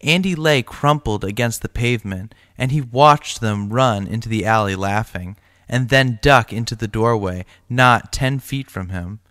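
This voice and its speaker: A male teacher reading a short story aloud to his class in a steady, plain way. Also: medium pitch, unhurried, hardly any pauses, dry recording, studio quality.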